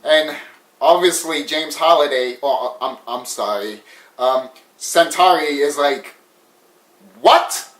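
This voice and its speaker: A man giving a casual, excitable film review, swearing often and laughing. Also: fairly high pitch, takes it slowly. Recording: echoey room, mic at a distance.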